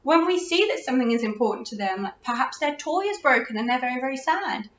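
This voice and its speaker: A woman's voice: high voice, lively intonation, fast. Chatty woman in roomy audio. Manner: chatty, restarts, warm laughs. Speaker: parenting podcast host. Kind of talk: casual advice talk. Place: room at home. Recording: roomy, distant, dull lo-fi audio.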